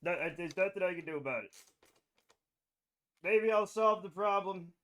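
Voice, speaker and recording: Casting: male streamer, high and bright, scattered self-mocking chatter into a desk mic. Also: moderate pace. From United States. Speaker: game streamer. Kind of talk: casual livestream chat.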